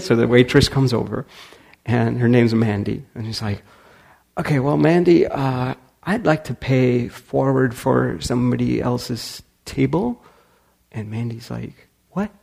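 A man's voice: mid-range voice, vocal fry, husky. A man giving a talk, telling a story and acting out the people in it. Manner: animated storyteller acting out quotes. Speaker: speaker.

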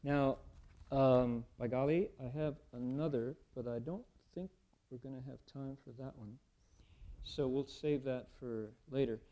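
A man's voice: mid-range voice, fairly even intonation, a little slow, highs cut off. A man giving a folksy, humorous dharma talk, telling a story with many asides. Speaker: dharma teacher.

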